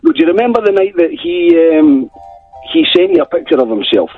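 A man's voice: sits high, huge pitch swings, fairly quick, faint music behind. A man with a Scottish accent calling in to a radio show, chatty and working in "right?" as he tells his story. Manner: chatty, keeps adding "right?". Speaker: caller, taxi driver. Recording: husky lo-fi phone line.

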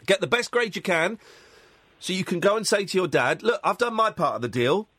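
A male radio host with a high, very animated voice drives his points home by repeating them again and again. The sound is close and bone-dry, straight from a studio mic. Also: fairly quick, breathy edge, no echo. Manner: emphatic, repetitive, urging. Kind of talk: phone-in talk radio.

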